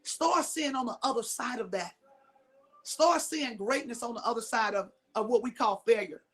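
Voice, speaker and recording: A fairly high, fairly bright voice with a slightly rough, clean edge comes at normal speed from a middle-aged Mississippi woman. In her motivational talk she's emphatic, repeating key lines and putting questions to the audience.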